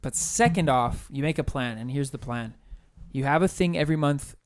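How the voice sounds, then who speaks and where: A man's voice: mid-range voice, moderate pace, clear, resonant tone. A man co-hosting a casual podcast, jokey and laughing often, playing up being stressed. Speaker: podcast co-host. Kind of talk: casual chat.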